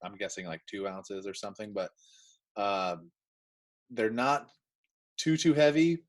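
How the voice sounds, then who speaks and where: A man chatting casually as he explains and demonstrates arm training drills, with relaxed everyday examples. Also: fairly low pitch, unhurried, rough recording. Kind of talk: casual instructional chat.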